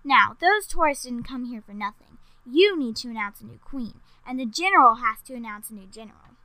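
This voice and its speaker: A woman plays a bold little ninja girl from a children's story, proud and matter-of-fact. Her voice stays bright and fairly high. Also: lively intonation, fairly quick, no room sound, poor audio. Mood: cocky.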